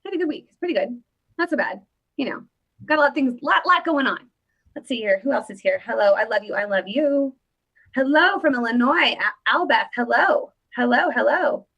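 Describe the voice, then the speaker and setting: A woman's voice: a little high, expressive, brisk, a bit bright, highs cut off. A woman hosting a casual livestream, playfully greeting viewers by name as she chats. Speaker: livestream host.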